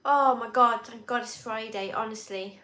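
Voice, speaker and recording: A woman co-hosting a casual live stream, chipping in quickly. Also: fairly high pitch, sharp tone, roomy sound. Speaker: co-host.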